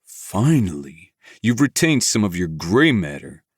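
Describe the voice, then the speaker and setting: A man's voice: on the low side, very animated, a little slow, breathy edge, no echo, clean studio sound, full character voice. A man voicing a sly, smug male billionaire businessman with a mocking, sarcastic manner.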